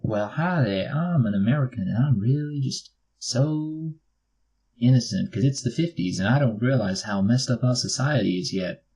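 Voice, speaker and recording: A man's voice: medium pitch, lively intonation, moderate pace, a little mellow, close to an everyday voice, rough recording. A man doing a sugary naive fifties schoolgirl. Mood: innocent. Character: sweet naive 1950s American teen girl.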